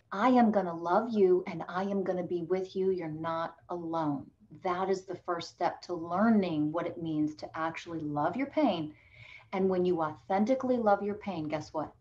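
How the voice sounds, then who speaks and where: A woman coach talks on a podcast in a lower-pitched voice, emphatic and motivational. The recording sounds a little dull and lo-fi. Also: darkish tone. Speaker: relationship coach guest. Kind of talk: podcast interview.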